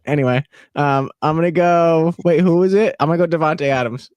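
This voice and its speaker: A man's voice: fairly high pitch, brisk, a little mellow, clean tone, no room sound. A man co-hosting a live stream in casual banter, joking and teasing. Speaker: stream co-host.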